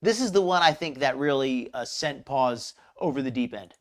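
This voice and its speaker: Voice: mid-range voice, lively intonation, normal speed. A host of a live commentary show who talks in a rambling, chatty way and greets viewers in the chat. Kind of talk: casual live-stream commentary.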